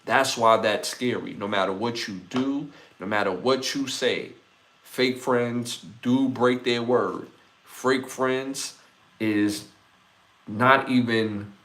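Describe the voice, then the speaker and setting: Speaking slowly with a medium pitch and a fairly bright tone, this forties-aged podcast host works through his ideas solo. The talk is casual, reflective and conversational, dotted with plenty of "like" and "right?".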